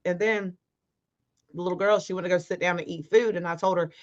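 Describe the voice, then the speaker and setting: A woman's voice: lowish voice, steady tone, fairly quick, muffled recording. A woman guest telling a personal story in casual, emphatic talk, acting out the arguments she quotes. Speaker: interview guest.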